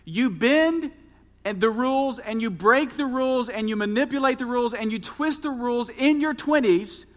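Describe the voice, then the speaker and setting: A man's voice: very high-pitched, moderate pace. A man in his thirties, a pastor preaching a sermon and speaking earnestly and directly to his congregation. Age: 30s. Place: church. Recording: reverberant church hall.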